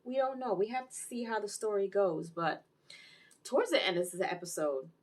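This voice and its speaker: A woman giving a casual, animated recap and review of a TV episode, telling the plot with exclamations. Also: mid-range voice, moderate pace. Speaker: TV series reviewer.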